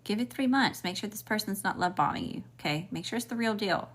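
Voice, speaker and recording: A woman's voice: medium pitch, expressive, fast, a bit bright, slight background noise. A woman with a Southern US accent giving a casual spiritual reading as a tarot reader, talking frankly and swearing freely with chatty asides.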